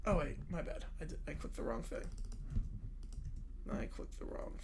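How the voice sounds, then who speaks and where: A male streamer hosts a live reaction stream. He is excitable and breaks into laughter often. He talks straight into a desk microphone. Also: fairly high pitch, moderate pace, creaky, noisy background. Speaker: streamer host.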